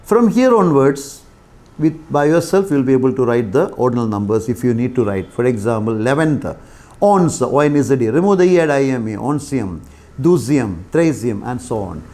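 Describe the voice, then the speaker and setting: An older man with an Indian English accent teaching basic French, explaining patiently with pauses and fillers. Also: mid-range voice, very animated, darkish tone. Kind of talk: classroom lecture.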